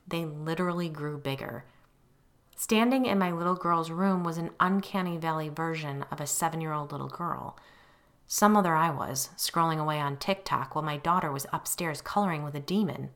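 A middle-aged woman narrating a first-person memoir audiobook, expressive and acting out her own quoted lines. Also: low-pitched, normal speed, gravelly.

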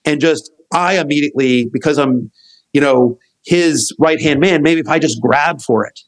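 A middle-aged man, a podcast guest, telling a long anecdote in an animated, rambling way, acting out what others said. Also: fairly high pitch, normal speed, low-quality recording. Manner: animated, acts out quotes of others; rambling with restarts and fillers. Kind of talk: storytelling in a podcast conversation.

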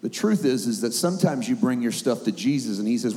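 A man's voice: medium pitch, expressive, a little fast, few pauses, a little mellow, big-room sound. A conversational male preacher. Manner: conversational preaching, acts out quoted voices. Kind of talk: sermon.

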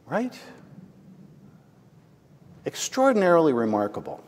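Speaking at a measured pace in a voice on the high side, a male pastor tells his sermon as a conversational story. He's animated and often turns to the congregation with "right?", while the large hall adds long reverb.

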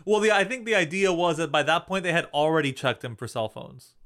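A man's voice: a little high, brisk, a bit bright. Blunt man arguing a point. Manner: blunt, argumentative, swearing. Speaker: podcast co-host. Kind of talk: casual podcast chat.

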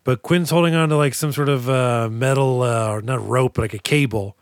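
A man co-hosting a podcast, recapping a movie in casual chat, animated and profane as he acts out scenes. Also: medium pitch, a little fast, no room sound, studio quality. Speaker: podcast co-host.

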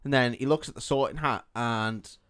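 A man's voice: mid-range voice, normal speed, a bit bright, smooth. Sweary man recapping a film. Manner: sweary, laughing, acts out characters in jokey voices. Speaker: podcast co-host. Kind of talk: casual comedic film recap.

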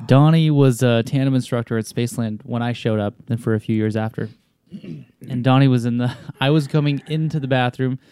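A man in casual podcast chat, telling stories in a relaxed, easygoing way with the odd chuckle. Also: medium pitch, brisk, clean tone, no room sound. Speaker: podcast co-host.

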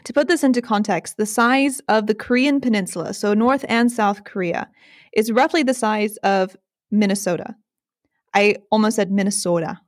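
A woman's voice: a little high, normal speed, dry recording, studio quality. A young woman hosting a podcast, chatty and self-deprecating, laughing often. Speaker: podcast host. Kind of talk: casual chat.

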